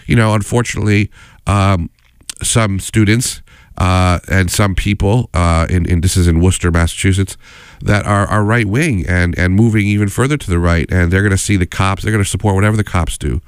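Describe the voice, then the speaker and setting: A man's voice: low voice, fairly even intonation, fairly quick, clean tone, dry recording. A man hosting a community radio show, talking unscripted in a rambling, digressive, earnest way from a radio studio.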